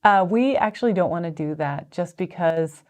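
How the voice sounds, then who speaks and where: An American woman co-hosts a casual company live stream, chatting, reading viewer comments aloud, and laughing often. Her lowish, slightly mellow voice has lively intonation and a moderate pace, and the highs are cut off.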